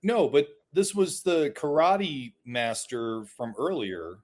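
Wisecracking man, lively pitch. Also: slow pace. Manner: wisecracking, curious questions. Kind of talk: casual movie-watching chat.

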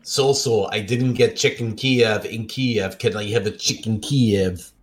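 A man's voice: fairly low pitch, fairly even intonation. A man riffing casually on a movie with friends, joking and slipping into impressions. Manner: joking, quick to break into impressions.

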